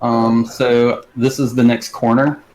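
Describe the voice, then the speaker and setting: A man with a middle-pitched voice playing a tabletop role-playing game. He chats casually, filling his speech with lots of filler words as he describes his character's careful moves. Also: little pitch movement, slow, darkish tone. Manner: chatty, many likes, narrates his character in third person. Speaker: player. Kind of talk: casual tabletop gaming chat.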